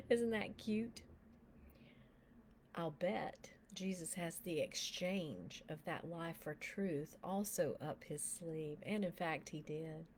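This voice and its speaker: A woman leading a guided prayer and telling a testimony, speaking softly with frequent whispers and becoming emotional as she tells the story. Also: fairly low pitch, a little hiss or hum. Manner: soft, slow and often whispered while guiding prayer; gets emotional and animated while telling the story. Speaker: minister.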